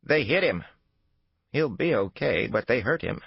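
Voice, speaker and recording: A man's voice: medium pitch, sing-song, a little slow, vocal fry, breathy edge, no room sound, dull audio, voice pushed up, exaggerated voice. A male narrator voicing an elderly, wary landlady who talks emphatically. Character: elderly wary woman landlady, fussy and fierce.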